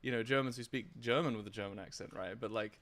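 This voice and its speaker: Halting man chatting casually. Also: medium pitch, a bit bright. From United Kingdom. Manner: halting, many restarts, casual swearing. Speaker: guest, former streaming platform engineer. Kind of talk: casual live-stream interview chat.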